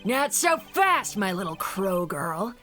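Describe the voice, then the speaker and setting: A cocky, dismissive agent, read by a woman at a middle pitch. He teases and brushes others off, with faint music behind him. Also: very animated, takes it slowly, pushed and bright, full character voice. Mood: smug. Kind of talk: fan voice acting of a game.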